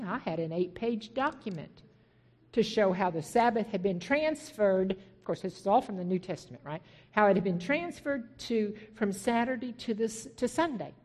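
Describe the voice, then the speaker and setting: A woman's voice: medium pitch, darkish tone. A middle-aged woman minister shares her personal testimony from the pulpit. She tells the story with animation and acts out the back-and-forth of remembered conversations. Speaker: Christian minister.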